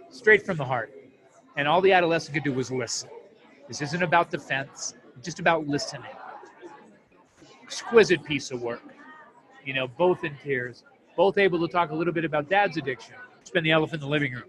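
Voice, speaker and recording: A man speaks in a slightly high voice, earnest and heartfelt, as he tells a story from his work with families dealing with addiction. His talk is interview storytelling. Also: brisk, a bit bright. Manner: earnest, heartfelt, moved to emotion. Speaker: family addiction program counselor.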